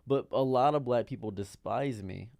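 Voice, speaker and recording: Thirties male streamer, rambling and baffled commentary, mid-pitched, dry close mic. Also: moderate pace, vocal fry, darkish tone, no room sound. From Detroit. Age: 30s. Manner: rambling, repeats himself, baffled and exasperated. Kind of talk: casual commentary monologue.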